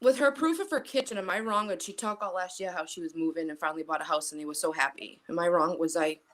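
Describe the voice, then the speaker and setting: A woman's voice: lowish voice, quick pace, fairly bright tone. A woman with a Boston accent, blunt and teasing in a casual online group chat.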